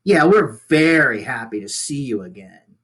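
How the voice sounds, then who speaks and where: A man's voice: medium pitch, sing-song, moderate pace, fairly bright tone, husky. A man reading aloud as a touchy younger male bear who grumbles and sulks. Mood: sulky. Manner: sulky and grumbling.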